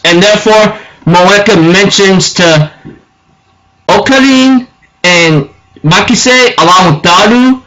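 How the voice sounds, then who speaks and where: A man recapping an anime episode for his channel, excitable and tripping over his words. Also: high-pitched, slow, pauses often, low-quality recording. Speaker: anime reviewer.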